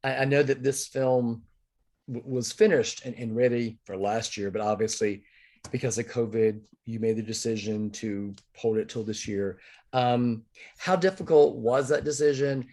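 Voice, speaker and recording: A man's voice: medium pitch, fairly even intonation, moderate pace, a little mellow. A man hosting an interview, asking questions encouragingly with a few stumbles. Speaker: interviewer, festival director. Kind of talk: interview host.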